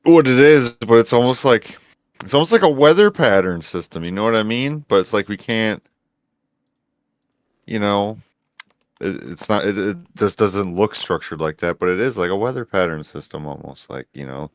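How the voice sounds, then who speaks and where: A very deep-voiced man rambles loosely in laid-back chat, swearing casually. His mic sounds dull and lo-fi, with a dry, close feel. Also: expressive, moderate pace, dry recording.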